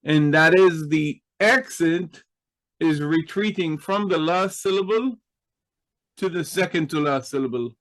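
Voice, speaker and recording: A man's voice: on the high side, a little slow, a bit bright, low-quality recording. A man teaching a Hebrew grammar class, explaining patiently and checking in with his students.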